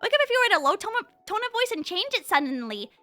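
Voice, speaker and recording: A woman streamer chatting casually with her viewers, energetic and rambling, often restarting her sentences, on a compressed studio mic. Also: very high-pitched, rapid-fire, dry recording, faint music behind. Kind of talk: casual live-stream chat.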